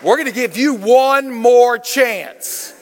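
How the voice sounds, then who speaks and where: A man's voice: very high-pitched, slow pace, big-room sound, slight background noise. A man preaching to a congregation as a guest speaker, playful and engaging, questioning the crowd and drawing responses. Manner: playful, calls on the congregation, Southern "y'all". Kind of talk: lively interactive sermon. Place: church.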